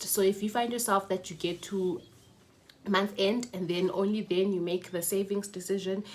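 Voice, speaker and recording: Young south african woman vlogging at home, lowish voice, chatty, faint hiss behind. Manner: chatty, laughs often, mixes in Zulu words. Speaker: personal finance vlogger. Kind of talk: casual vlog talk to camera. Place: her mother's house.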